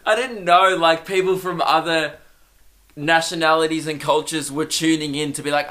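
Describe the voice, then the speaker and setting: A man's voice: a little high, steady tone, moderate pace, pushed and bright. A young man hosting a solo comedy podcast, rambling and self-mocking and laughing at his own jokes.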